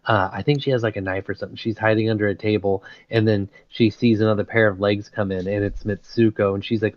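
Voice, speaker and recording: A man's voice: on the low side, fairly even intonation, fairly quick, no echo. A man hosting a casual chat, retelling a story in a rambling, slangy way full of fillers and laughs. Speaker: podcast host. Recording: dull lo-fi recording.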